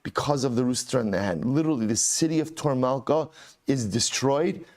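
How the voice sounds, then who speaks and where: A man's voice: medium pitch, brisk, darkish tone. Man, rabbi, Talmud lesson, reads Aramaic then explains in English, repeats phrases. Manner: repeats key phrases for emphasis. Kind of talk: Talmud lesson, reading and translating.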